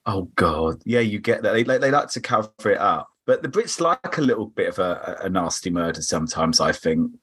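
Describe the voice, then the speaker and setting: A British man chatting as a podcast guest, telling lively anecdotes. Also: sits low, fairly quick, few pauses, slightly rough. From Britain. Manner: animated, chatty storytelling. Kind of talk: casual podcast chat.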